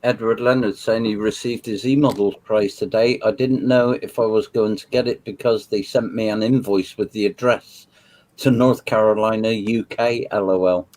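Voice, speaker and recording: Man, low mellow voice, dry understated chat. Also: fairly even intonation, normal speed, poor audio. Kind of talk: casual chat over gameplay.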